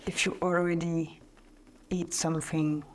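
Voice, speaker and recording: A woman who is still learning English answers slowly and haltingly, her voice sitting a little low. A faint noise floor runs underneath. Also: little pitch movement. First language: not English. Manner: hesitant, short halting answers. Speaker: student. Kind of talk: classroom discussion.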